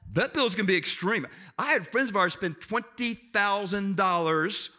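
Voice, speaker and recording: Bright-voiced animated male pastor. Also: high-pitched, measured pace. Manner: animated storyteller, acts out family members in raised voice. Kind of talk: sermon with personal stories.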